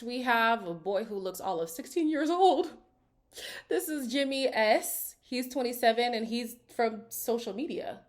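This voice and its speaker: A woman recapping a reality dating show for her channel. She reads the cast bios and keeps cutting in with chatty, sassy side comments. Her pitch swings up and down a lot, and she sounds animated. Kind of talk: casual reaction commentary reading cast bios.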